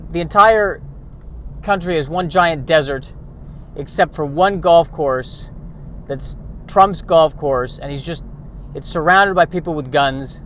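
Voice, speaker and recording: A man with a somewhat raised pitch rambles through a comic monologue, mocking himself and wandering from one thought to the next. He talks to himself as he goes. A faint hum of a car sits behind his voice. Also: slow pace, fairly bright tone. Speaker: vlogger.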